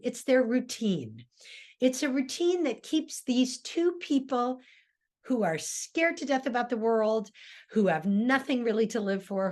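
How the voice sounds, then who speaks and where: Older woman, theater director lecturing, thoughtful, many ums and uhs, quoted lines acted out with sudden pitch jumps. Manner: thoughtful, with frequent fillers and restarts. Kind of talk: informal classroom lecture.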